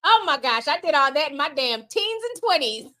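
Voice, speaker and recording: A woman's voice: high-pitched, big pitch swings, a little fast, bright, forceful tone. A woman in her forties, raised in the United States, chatting casually on a livestream, reading viewer messages with slangy asides and frequent laughs. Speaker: livestream host reading super chats.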